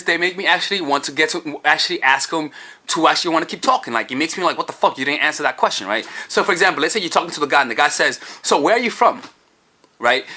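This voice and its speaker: A man's voice: on the high side, bright, forceful tone. A man coaching on dating in a casual vlog, profane and rambling, recorded on a camera-mounted microphone.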